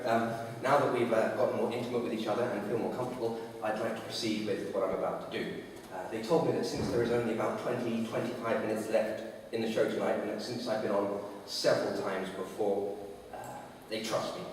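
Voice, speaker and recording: A man doing a mock-earnest stand-up comic who stumbles through every sentence, padding it with uh and false starts. The voice sits on the low side and carries the long echo of a large room, heard from well back from the mic. A faint room hum hangs behind it. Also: fairly even intonation, darkish tone, lightly acted. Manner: halting, full of uh and restarts. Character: awkward stalling male comedian, mock-earnest. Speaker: live performer. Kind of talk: stage reenactment of a stand-up routine. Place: dance studio, in front of an audience. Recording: echoey hall, mic far off.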